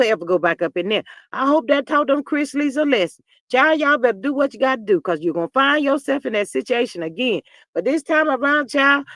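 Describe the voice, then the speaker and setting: Chatty, sassy livestream host; middle pitch; dry, close, unroomy sound. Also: a bit bright, no room sound. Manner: chatty, sassy, reads viewer comments aloud; peppers talk with "child" and drawn-out "mm, mm". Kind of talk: casual gossip commentary on a livestream.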